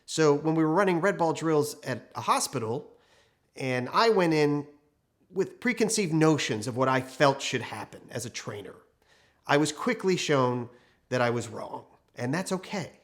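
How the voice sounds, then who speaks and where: Guy consultant telling a story casually, slightly high pitched, chatty. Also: animated, moderate pace. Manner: conversational anecdotal, acts out quoted people. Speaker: training consultant. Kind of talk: storytelling case study talk.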